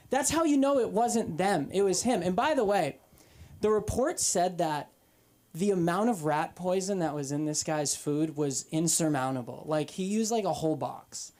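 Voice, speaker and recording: A woman in her twenties doing an open-mic stand-up set, telling profane, animated stories from a comedy club stage. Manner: profane, animated storytelling with quick pitch jumps. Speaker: stand-up comic.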